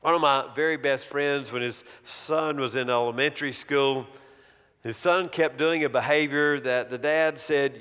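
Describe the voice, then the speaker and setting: A middle-aged man preaching a sermon in a church sanctuary, telling stories dramatically and slowing to a hush on key words. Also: mid-range voice, fairly even intonation, smooth. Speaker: pastor. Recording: long reverb of a large hall.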